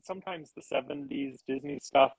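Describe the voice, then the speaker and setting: Guy thinking out loud on a podcast, husky, dry close mic, kinda hesitant. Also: on the high side, moderate pace, no room sound, low-quality recording. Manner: thoughtful, hesitant, self-correcting. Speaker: podcast guest co-host. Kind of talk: casual film discussion chat.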